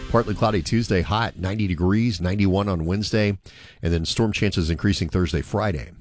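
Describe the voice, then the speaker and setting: A male meteorologist with a low voice reads the forecast in an upbeat, smooth way. Clear music plays under him. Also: fairly quick, a little mellow. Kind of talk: radio weather report.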